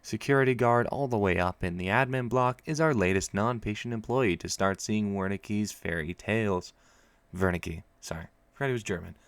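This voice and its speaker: A man's voice: on the low side, smooth, no echo, natural voice. A man reading as a worried asylum staffer. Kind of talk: reading a game document aloud.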